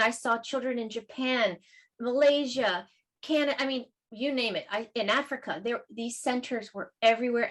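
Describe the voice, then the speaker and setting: A woman's voice: on the high side, fairly bright tone. A woman guest talking casually and with emotion, telling a personal story at length. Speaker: guest, learning center founder. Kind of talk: casual chat.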